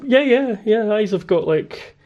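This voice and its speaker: A man hosting a casual chat, laid-back and quick to laugh. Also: sits high, lively intonation, muffled recording. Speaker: podcast host.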